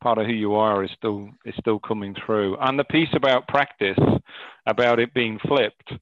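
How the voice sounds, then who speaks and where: This coach from Northeast England has a Northern English accent and a lowish voice with fairly even intonation at a moderate pace. He talks reflectively but hesitantly, full of restarts and fillers, on a lo-fi recording with no room sound.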